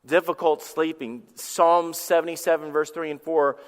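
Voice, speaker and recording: Pastor preaching in a reverberant church. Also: male voice, fairly high pitch, fairly even intonation, normal speed. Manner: conversational preaching with repetitions and personal stories. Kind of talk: sermon. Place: church sanctuary. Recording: long church hall reverb.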